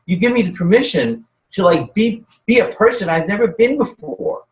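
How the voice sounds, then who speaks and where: A man's voice: sits high, normal speed, dull audio. A man talking in a casual chat, telling rambling stories with lots of restarts. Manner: rambling, animated storytelling with many restarts. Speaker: guest. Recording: roomy, distant from the mic.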